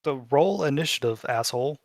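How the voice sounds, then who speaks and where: A man's voice: mid-range voice, animated, fairly quick, no room sound. A man narrating as game master in a tabletop game. He is casual and swears freely. His voice sounds dry and close to the mic.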